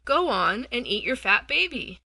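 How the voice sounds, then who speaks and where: A woman's voice: on the high side, sing-song, measured pace, vocal fry, bright, forceful tone, slightly rough, no room sound, heavily acted. A woman voicing a big, lazy male lion who is kindly at heart, in a children's storybook reading. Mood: drowsy. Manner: drowsy, thoughtful.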